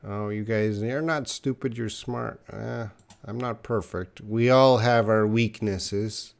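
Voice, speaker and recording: A man's voice: on the low side, fairly even intonation, takes it slowly, creaky. A man teaching English on a live stream, answering viewers' questions with patient explanations and example sentences.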